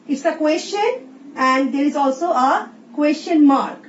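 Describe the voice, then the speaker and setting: A woman teacher with an Indian English accent, slowly explaining a recorded English lesson and reading example sentences aloud. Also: high-pitched. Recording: roomy, distant, dull sound with faint hiss.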